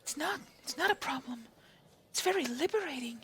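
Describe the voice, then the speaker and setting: A man squeaking as a tiny carefree creature girl. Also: lively intonation, brisk, sharp tone, full character voice. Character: small carefree female creature riding on shoulders. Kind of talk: tabletop role-play voice.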